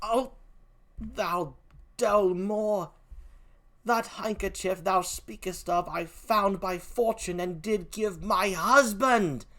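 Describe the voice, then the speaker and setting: A man's voice: high voice, takes it slowly, bright, forceful tone, voice pushed up, full character voice. An older man voicing a loyal, outspoken woman servant who cries out in outrage, in a one-man Shakespeare reading. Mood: accusing.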